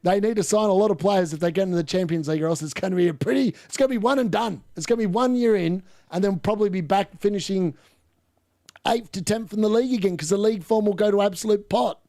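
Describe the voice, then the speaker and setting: A man hosting a live football watchalong, commenting on play and ranting opinions, getting excitable and yelling at chances. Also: high-pitched, fast talker, no room sound, studio quality. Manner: excitable, yells at chances on screen. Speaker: host of a fantasy football watchalong.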